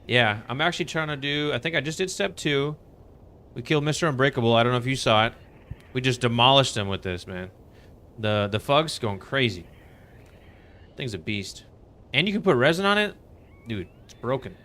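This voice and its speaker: Animated and moderately paced with long pauses, a man's medium-pitched, pushed, bright voice accompanies his live gameplay stream. He chats casually and stays laid-back, greeting chat members with upbeat enthusiasm.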